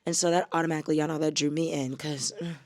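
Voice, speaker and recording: A young woman talks to camera in a relaxed travel vlog. Her voice sits a little low for a woman. She rambles warmly through stories, peppering them with fillers and y'all. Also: rapid-fire. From United States. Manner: chatty, many fillers, addresses viewers as y'all. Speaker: travel vlogger. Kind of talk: casual vlog chat to camera.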